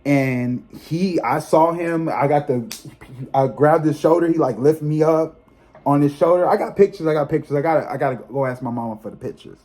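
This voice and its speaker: 30-something guy vlogging to his viewers, kinda high voice, chatty then ranting and cussing hard. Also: brisk. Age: 30s. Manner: animated, emphatic ranting with frequent profanity; chatty, addresses viewers directly as y'all. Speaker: psychic tarot reader and channel host. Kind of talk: casual vlog talk to viewers.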